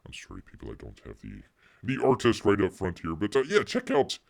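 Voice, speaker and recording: Gravelly low-voiced sarcastic man. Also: huge pitch swings, brisk. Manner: sarcastic, refers to himself in third person; rambling with many fillers and restarts. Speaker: livestream host. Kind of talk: casual livestream chat.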